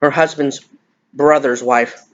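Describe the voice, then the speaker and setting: A woman's voice: extremely low pitch, fairly even intonation, slow pace. Woman, fifties, confiding vlog chat over a meal, muffled lo-fi audio. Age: 50s. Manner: confiding, emotional, rambling. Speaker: vlogger. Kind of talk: casual chat while eating.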